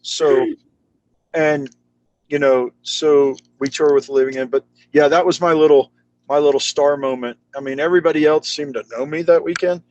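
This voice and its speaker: A man's voice: on the high side, steady tone, normal speed, a little mellow, muffled recording. A man guest on a podcast, chatting casually and animatedly, with slangy talk, acting out the people he quotes. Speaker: guest, charity founder. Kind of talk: casual storytelling chat.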